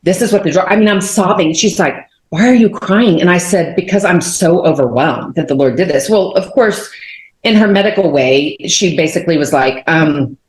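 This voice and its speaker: Guest, woman in her 40s from Texas, low voice, lively storyteller, recorded in a reverberant room. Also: normal speed. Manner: animated storyteller, many fillers, acts out quotes. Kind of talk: telling a personal faith testimony. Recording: roomy echo.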